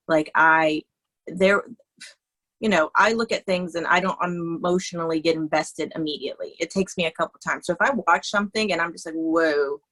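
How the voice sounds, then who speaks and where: A woman's voice: fairly low pitch, a bit bright, poor audio. A woman, a makeup artist, talking in a casual conversation, chatty and laughing, often restarting her sentences. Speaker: guest, cosmetologist and makeup artist.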